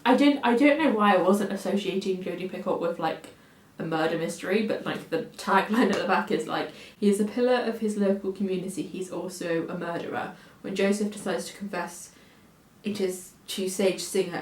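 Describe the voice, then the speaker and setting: A woman's voice: on the low side, reverberant, poor audio. A woman in her twenties with an English accent from the Oxfordshire and Cambridgeshire area, chatting casually to camera at home as a book vlogger, rambling and self-deprecating with lots of fillers. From England.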